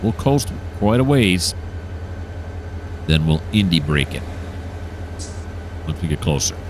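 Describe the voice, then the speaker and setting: Guy with a real deep voice chatting through a train sim, excited, explains everything he clicks, faint game hum behind. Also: slow. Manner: enthusiastic, explains each step as he plays. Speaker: gameplay streamer. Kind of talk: casual gameplay commentary.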